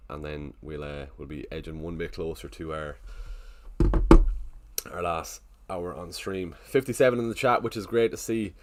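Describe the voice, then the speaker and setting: A man's voice: deep voice, fairly even intonation, moderate pace, very noisy. A man casually chatting on a live stream, thinking aloud and greeting viewers in the chat. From Ireland.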